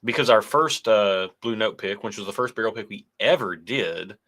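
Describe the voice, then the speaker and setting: Man, whiskey show co-host, casual livestream chat, bright tone, talkative. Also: lowish voice, normal speed. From United States. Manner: chatty, reads viewer comments aloud.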